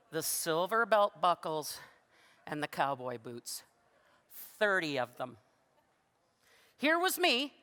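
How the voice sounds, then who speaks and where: Woman telling a keynote story. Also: medium pitch. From Canada. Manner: animated, self-deprecating, laughs between phrases. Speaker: keynote speaker. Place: large conference hall. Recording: long reverb of a big hall.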